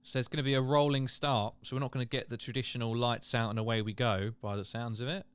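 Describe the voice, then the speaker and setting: A man's voice: mid-range voice, fairly even intonation, fast talker, clear, resonant tone. Chatty man hosting a livestream. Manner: chatty, reads chat aloud, laughs and exclaims. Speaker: livestream host. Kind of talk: casual live watchalong commentary.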